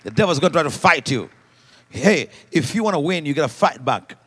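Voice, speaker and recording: A man preaching a sermon to a live congregation, leading call-and-response and swinging from quiet asides to shouted exhortations. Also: fairly high pitch, very animated, brisk, slightly rough. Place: church service before a congregation.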